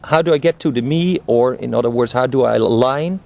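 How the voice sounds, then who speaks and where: A man's voice: medium pitch, brisk, vocal fry, a little mellow. A man hosting an interview, asking probing, hesitant questions. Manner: probing, hesitant, searching for words. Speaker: interviewer, host.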